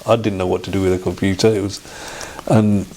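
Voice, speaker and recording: A man, telling his life story as an interview guest in a halting way, with restarts and reenacted dialogue. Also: sits low, little pitch movement, mellow. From Derby, England. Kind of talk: personal storytelling in a sit-down interview.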